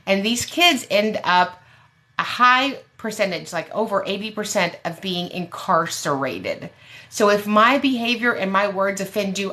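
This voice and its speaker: A woman's voice: medium pitch, pushed and bright. A woman special education advocate giving blunt, emphatic advice with sassy asides on a live question-and-answer show.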